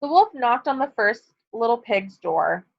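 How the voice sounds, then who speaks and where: Teacher lady reading a storybook to her class, kinda high voice, stops to quiz the kids, dull lo-fi audio. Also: very animated, creaky. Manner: pauses to ask questions and explain. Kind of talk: reading a picture book aloud to students. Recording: dull lo-fi recording.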